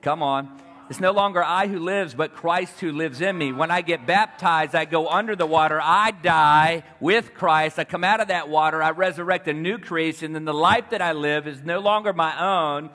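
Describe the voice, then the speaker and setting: A man's voice: a little high, moderate pace, pushed and bright. A man preaching a fervent sermon, telling stories and calling to the crowd for responses.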